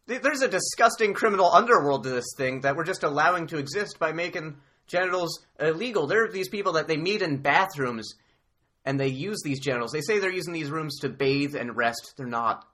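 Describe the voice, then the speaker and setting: Bright, stammering comic podcast man. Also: a little high, animated. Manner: stammering, halting with many restarts. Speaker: podcast co-host in mock debate. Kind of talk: improvised comedy banter.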